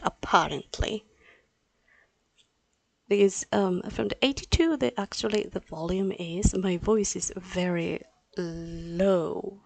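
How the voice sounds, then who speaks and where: A woman whose first language is Spanish teaches a live class, speaking slowly with a gravelly edge. Her talk is flustered and apologetic, full of restarts. She speaks into a desktop microphone at her computer. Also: lowish voice, no echo. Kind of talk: live-streamed class, unscripted chat.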